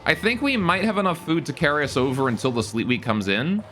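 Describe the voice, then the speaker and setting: A man's voice: on the high side, animated, quick pace, a bit bright, faint music behind. A man streaming a game live, joking with his chat while he plays. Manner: joking, chats with viewers while playing.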